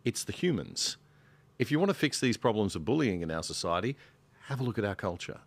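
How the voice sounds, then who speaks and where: A man's voice: lowish voice, big pitch swings, a little fast, creaky. A man speaking as a guest commentator on a podcast panel, emphatic and indignant as he argues his point. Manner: emphatic, rising into exasperated indignation. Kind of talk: casual panel discussion.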